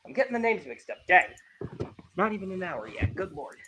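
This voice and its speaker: Excitable anime recap podcaster. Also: medium pitch, fairly quick, crowd noise. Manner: animated, laughs often, acts out quoted lines. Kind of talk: casual excited recap chat.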